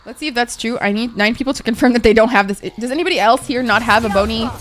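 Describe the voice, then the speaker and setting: A woman's voice: on the high side, rapid-fire, a crowd in the background. A young woman streamer telling rambling stories in casual chat while gaming. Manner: rambling, animated storytelling.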